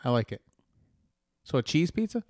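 Man, casual banter, teasing, mock-formal, slightly high voice, dry close sound. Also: sing-song, normal speed, darkish tone, dry recording. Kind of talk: casual comedic debate.

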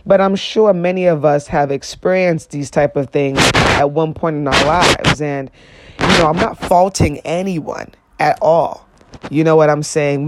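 An earnest young man speaks alone into his podcast mic. His voice sits somewhat high, and the sound is dry and close. He keeps it conversational, full of "you know what I'm saying," and lifts his voice when he drives a point home. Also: a little mellow, no echo. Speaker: podcast host. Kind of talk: solo podcast monologue.

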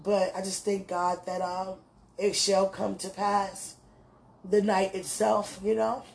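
A woman, talking warmly and laughing as she gushes to her fiancé in a casual, heartfelt message. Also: mid-range voice, flat delivery, slow, gravelly. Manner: affectionate, laughing, gushing, religious.

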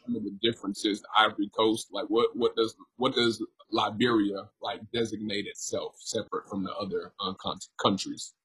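A man hosts the conversation and asks his guest questions. His voice is low and husky, and he loops through fillers before landing the point. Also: steady tone, normal speed, hardly any pauses, fairly bright tone. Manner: rambling questions with many fillers. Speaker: interviewer. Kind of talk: conversational interview.

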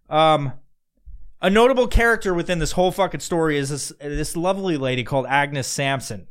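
Man, podcast host, casual storytelling, profane, rambling, slightly high voice. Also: fairly quick.

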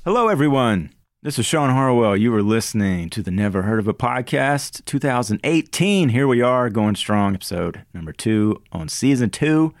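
A man's voice: mid-range voice, lively intonation, normal speed, no room sound, studio quality. A man hosting a casual movie podcast, chatty and joking, with plenty of filler words. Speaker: podcast host. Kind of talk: casual chat about movies.

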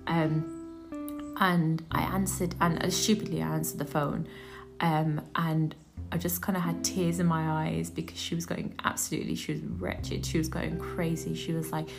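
A young woman, hosting a podcast and retelling a work story in a chatty, animated way with many fillers. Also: on the low side, normal speed, vocal fry. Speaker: podcast host, doctor in general practice. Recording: guitar music playing under the voice.

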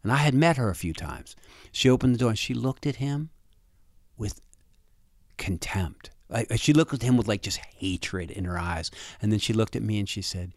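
A man telling a personal story in a halting way, often restarting and repeating words, and often quiet and low. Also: lively intonation, no echo, studio quality.

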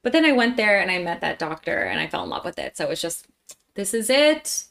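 A young woman from Pennsylvania, a guest telling a story in a casual interview, animated and quick to laugh, acting out what people said. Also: on the low side, gravelly. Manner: animated, acts out dialogue, laughs often.

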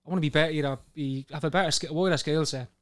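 A young man talks quickly in a slightly high voice. He is a guest in a relaxed chat, telling stories with energy and acting out other people's lines. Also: no echo, clean studio sound. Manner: animated storyteller who acts out others' voices. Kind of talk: casual chat.

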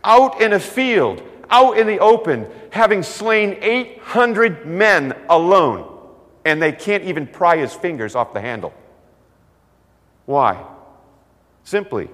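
A man preaching a sermon, telling stories with lively delivery and acting out the voices of the people in them. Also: sits high, slow pace. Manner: animated storytelling, acts out voices. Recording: long hall reverb.

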